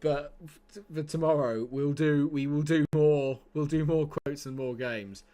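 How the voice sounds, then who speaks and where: A man streaming a football management game live, chatting excitedly and laughing often. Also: a little high, unhurried. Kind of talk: casual live game commentary.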